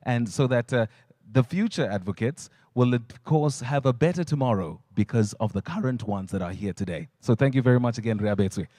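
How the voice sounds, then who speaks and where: A man's voice: medium pitch, expressive, fairly quick, mellow, no room sound, clean studio sound. A South African man working as MC at a live event, chatty and jokey, telling stories and slipping into voices and ad reads. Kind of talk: live event hosting with humorous storytelling. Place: stage at a launch event.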